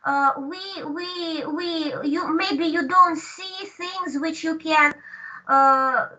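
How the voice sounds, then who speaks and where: A woman teaching an online language lesson, speaking slowly and patiently with many hesitations over a video call. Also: very high voice, sharp tone. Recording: distant dull call audio.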